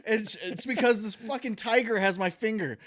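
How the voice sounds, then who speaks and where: A man's voice: sits high, a little fast, fairly bright tone. A young man co-hosting a podcast, teasing and laughing while telling stories, with plenty of swearing. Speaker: podcast co-host. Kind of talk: casual chat, storytelling.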